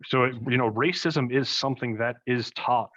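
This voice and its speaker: A man's voice: mid-range voice, moderate pace, fairly bright tone. A young man, a podcast guest, rambling through casual stories with lots of fillers and asides. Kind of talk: casual conversation. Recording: slightly muffled recording.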